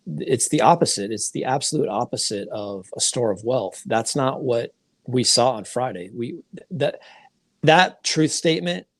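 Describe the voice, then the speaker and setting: A man's voice: medium pitch, dry recording, clean studio sound. A man co-hosting a podcast, explaining markets in casual talk, often restarting his sentences. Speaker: podcast co-host.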